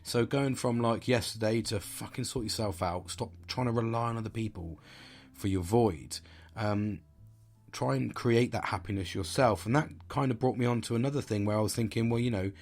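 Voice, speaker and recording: A man's voice: lowish voice, a little mellow, slightly rough. A middle-aged man, talking in a blunt, sweary, rambling but earnest way in a casual motivational monologue as a podcast host.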